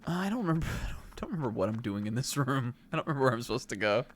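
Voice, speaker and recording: Talking rapid-fire in a mid-range voice, a young man streams a game and comments casually, rambling through fillers and laughing asides as he reacts excitedly to the screen. A little hiss or hum is audible.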